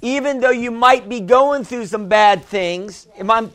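A man's voice: extremely high pitch, measured pace, fairly bright tone. A male pastor preaching a sermon, calling on the congregation for amens and repeating phrases for emphasis. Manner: preaching with call-and-response, asking for amens.

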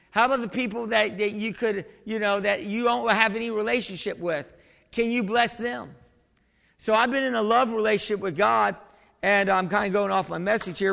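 A man's voice: high voice, creaky, a bit bright. A male pastor preaching a sermon in a conversational way, with frequent restarts and questions thrown to the congregation. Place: church sanctuary. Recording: long hall reverb.

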